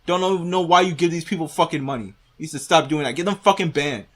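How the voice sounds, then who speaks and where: A man's voice: fairly high pitch, fast talker. A man hosting a reaction video, ranting with heavy profanity and arguing back at the clip he is watching.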